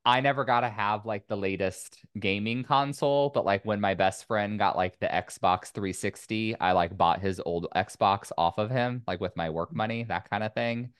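Guy with a low smooth voice, rambly casual chat, dry close sound. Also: moderate pace, few pauses, no room sound. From Indiana, US. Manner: rambling, many "like" fillers.

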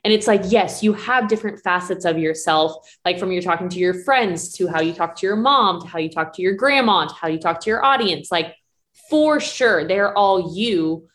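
A woman co-hosts a live online chat as a breathing coach. She talks in lively, excited bursts and leans on "like" as a filler. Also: lowish voice, normal speed. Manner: animated, lots of "like" fillers.

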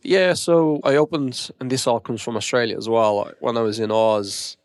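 On a podcast, a young Irish man who founded a gym business chats casually and tells stories, acting out the quoted dialogue within them. His voice is medium-pitched with fairly even intonation and a moderate pace, recorded in studio quality with no room sound.

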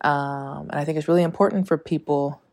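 A woman's voice: deep voice, steady tone, fairly quick, creaky, a little mellow. A young woman hosting her own podcast, talking candidly and a little out of breath, rambling and swearing freely with frequent laughs. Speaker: podcast host. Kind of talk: casual solo podcast monologue.

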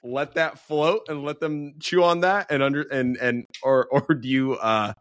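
Slightly slow and fairly bright, a man's mid-range voice holds a fairly even intonation as he hosts a casual podcast chat. He laughs often and rambles with restarts, recorded at studio quality with no room sound.

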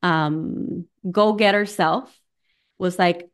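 A woman's voice: on the low side, measured pace, smooth. A young woman coaching and hosting a conversational webinar, chatty and personal, slipping in Spanish phrases, speaking into a computer mic on a video call. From United States, Mexican family. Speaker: coach and workshop host.

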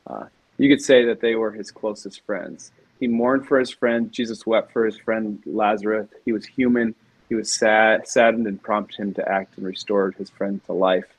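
Husky-voiced man telling a story. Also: fairly low pitch, fairly even intonation, moderate pace, dry recording, rough recording. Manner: rambling, emotional storytelling. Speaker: podcast co-host. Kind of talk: casual faith chat.

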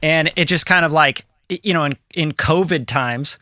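A man co-hosting a podcast in casual, animated chat, now and then swearing and acting out what other people say. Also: on the high side, normal speed, no echo, clean studio sound. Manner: animated, swearing, quotes people in put-on voices. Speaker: podcast co-host. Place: home studio room.

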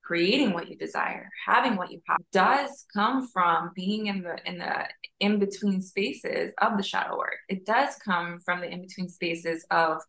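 Woman guest, spiritual mentor type; gravelly, low, long flowing emphatic phrases; echoey room. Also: unhurried, a bit bright. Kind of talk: casual spiritual conversation. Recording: roomy echo.

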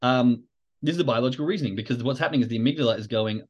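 A man's voice: mid-range voice, rapid-fire, a little mellow, highs cut off. A man hosting a podcast, explaining things in a casual, conversational way with restarts and asides. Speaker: podcast host. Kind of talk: casual educational podcast talk.

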